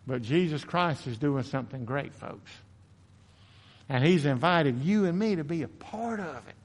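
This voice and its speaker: A man's voice: on the high side, lively intonation, moderate pace. Man, pastor mid-sermon, earnest and confessional, stumbling into repeats for emphasis, reverberant sanctuary. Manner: earnest, self-confessing, repeats words when building emphasis. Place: church sanctuary.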